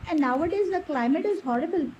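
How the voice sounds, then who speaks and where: A woman with an Indian English accent in a casual English-practice conversation, talking quickly and chattily with many "like, you know" fillers. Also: high-pitched, expressive, very noisy. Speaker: conversation partner.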